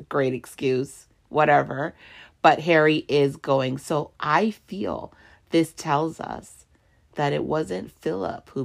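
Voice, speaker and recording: A woman's voice: low-pitched, vocal fry. A woman hosting a solo podcast, ranting heatedly and swearing a lot. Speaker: podcast host.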